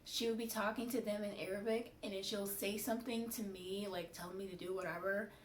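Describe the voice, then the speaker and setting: A woman's voice: mid-range voice, fairly even intonation, brisk. A young woman vlogging in a candid, frustrated, chatty way about a bad job. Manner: candid, frustrated, lots of fillers. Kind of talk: casual venting monologue. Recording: roomy, distant, faint hiss.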